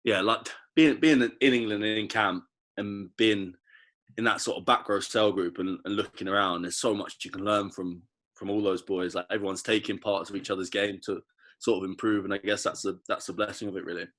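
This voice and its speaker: A man in his twenties, a professional athlete, speaking as a guest in a casual podcast interview, reflective and animated when he tells stories. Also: lowish voice, brisk. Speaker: guest, professional rugby player.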